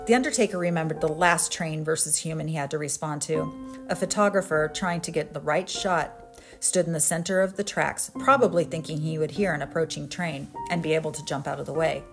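A woman's voice: low-pitched, gravelly. A woman podcast host narrating a story in a dry, matter-of-fact way.

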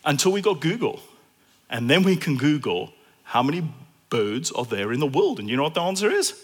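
A man with a South African accent preaching a sermon, animated and repeating phrases for emphasis. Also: a little high, fairly quick. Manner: animated, acts out imagined dialogue in different voices.

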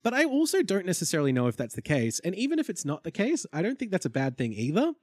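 Lively, wry man recapping. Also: sits high, fast, dry recording, studio quality. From Australia. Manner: chatty, wry, thinking aloud. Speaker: podcast co-host. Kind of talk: casual recap chat.

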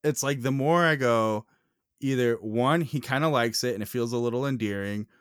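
A man's voice: mid-range voice, moderate pace, clear, resonant tone, no room sound, clean studio sound. A young man co-hosting a podcast, telling stories with mock indignation and lots of teasing. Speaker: podcast co-host. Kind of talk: casual chat.

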